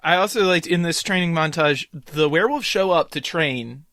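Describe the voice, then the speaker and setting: A man's voice: a little high, moderate pace, fairly bright tone, no room sound, studio quality. A man on a podcast panel, making wry, joking critiques in casual chat.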